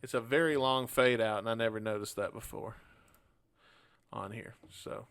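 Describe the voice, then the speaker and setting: A man's voice: medium pitch, normal speed, fairly bright tone, clean tone. A man co-hosting a music podcast, chatting casually, joking and swearing freely. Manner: laid-back, swearing, joking. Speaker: podcast co-host. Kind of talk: casual chat.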